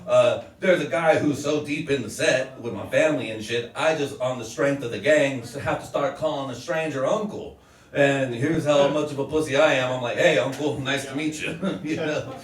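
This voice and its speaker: A man's voice: medium pitch, moderate pace. A young man doing stand-up comedy, rambling and self-mocking, often laughing at his own jokes. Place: small comedy open mic venue with audience. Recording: roomy sound from a distant mic, crowd noise. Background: audience laughter.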